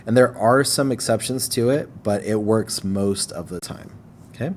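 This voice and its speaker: A man teaching a recorded chemistry lesson in a relaxed way, checking in with "okay?" often and slowing down to stress syllables. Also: lowish voice, slight background noise.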